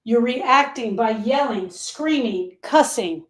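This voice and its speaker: On a podcast about grief, a female host speaks slowly in an animated voice that leans high. She offers a heartfelt motivational talk, telling stories conversationally and emphatically and repeating phrases to make them land.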